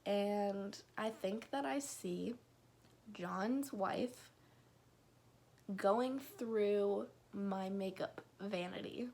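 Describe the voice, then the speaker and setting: A woman's voice: medium pitch, gravelly, a little mellow. A young woman telling a personal story in a casual, rambling vlog, now and then dropping to a whisper. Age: young adult. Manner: slow, rambling, drops into whispers and laughs.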